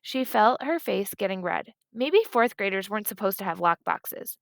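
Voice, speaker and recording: Woman with a gravelly voice reading a children's book. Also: mid-range voice, animated, normal speed, no room sound, studio quality. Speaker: audiobook reader. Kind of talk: scripted narration of a children's book.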